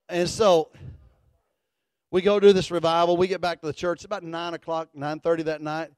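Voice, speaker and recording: A middle-aged man, a pastor telling a folksy story in a sermon, animated and building to fervent declarations. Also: on the high side, fairly quick, no room sound.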